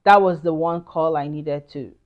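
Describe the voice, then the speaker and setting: A woman's voice: sits low, moderate pace, highs cut off. Earnest Nigerian woman giving career advice. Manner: earnest, emphatic, chatty with asides. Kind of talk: casual advice talk to camera.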